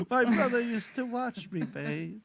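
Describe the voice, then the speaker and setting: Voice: mid-range voice, expressive, slow, vocal fry. A podcast co-host in a casual movie-recap chat, laughing often and acting out lines from the film in silly voices.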